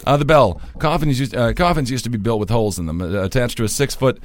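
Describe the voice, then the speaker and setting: A man's voice: mid-range voice, fast, a little hiss or hum. A man co-hosting a comedy podcast, laughing often and stumbling as he reads a scary story aloud, tired after a late night. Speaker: podcast co-host reading stories. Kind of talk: casual comedic chat and story reading.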